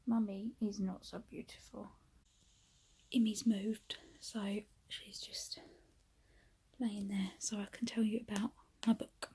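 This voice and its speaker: A young woman talks to her camera at home, out of breath and often sinking into a whisper. Her voice is very husky with a gravelly edge, and she speaks slowly in a flat, even tone. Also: medium pitch. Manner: often drops to a whisper, chatty and rambling; coos softly to her cat. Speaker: vlogger. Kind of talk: casual vlog chat.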